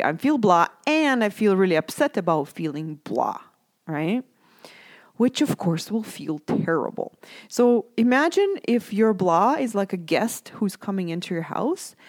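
A young adult woman and mother talking gently and conversationally to listeners about self-care, often checking in with "right?". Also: medium pitch, no echo, clean studio sound. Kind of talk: casual reflective talk to listeners.

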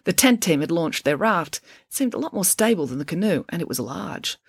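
Lively woman narrating a children's book. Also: lowish voice, a little fast, gravelly, husky, no room sound. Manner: expressive, even storytelling. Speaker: audiobook narrator. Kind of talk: storybook narration.

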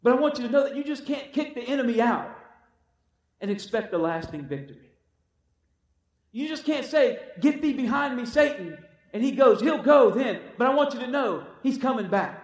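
In a sermon captured from a distance in an echoing room, a man with a very high-pitched, animated voice speaks at normal speed. He keeps exhorting the crowd with "come on" and acts out each quote he relates.

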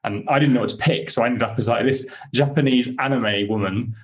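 A young man, a podcast guest, telling excited, rambling stories in casual chat with many fillers. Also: medium pitch, fairly quick.

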